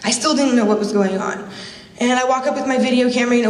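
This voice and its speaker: A woman's voice: fairly high pitch, fairly even intonation, fast, darkish tone. A woman giving a conference speech, telling a personal story with emotion and repeated phrases. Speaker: speaker at a conference. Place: conference hall. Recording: echoey hall, mic from a distance.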